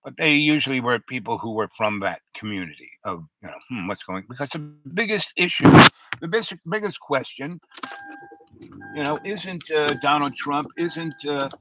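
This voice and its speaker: An older man hosting his own talk show, talking in a rambling, halting way with many fillers. His voice sounds unusual because of an old throat injury. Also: a little high, lively intonation, heavy background noise. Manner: halting, many fillers and restarts, stutters under strain. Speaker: show host. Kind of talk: rambling monologue.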